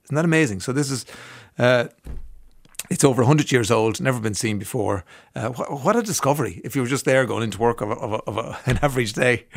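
Chatty Irish radio host, dry studio sound. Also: male voice, medium pitch, animated, quick pace, no echo. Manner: chatty and enthusiastic, with many ums and restarts. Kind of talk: casual radio chat. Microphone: studio microphone.

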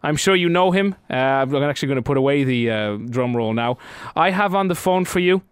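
A man's voice: medium pitch, animated, a little fast, clean tone, no echo. A man hosting a radio show, teasing his co-host with mock-dramatic banter.

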